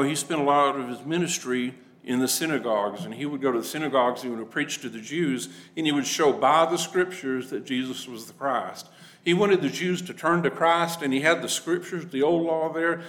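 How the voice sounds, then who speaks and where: A man's voice: mid-range voice, normal speed, fairly bright tone, poor audio. Guy giving a bible class, talks plain and casual, does little voices for the people he quotes. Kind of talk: conversational Bible lesson.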